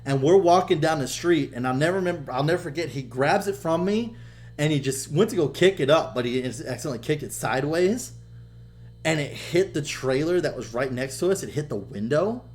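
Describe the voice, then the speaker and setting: A young man co-hosting a podcast, telling stories in loose, casual chat. His voice sits fairly high, and he swears freely. He turns loud and lively whenever he acts out what other people said. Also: a little fast. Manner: animated, swears a lot, loud when quoting people. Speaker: podcast co-host.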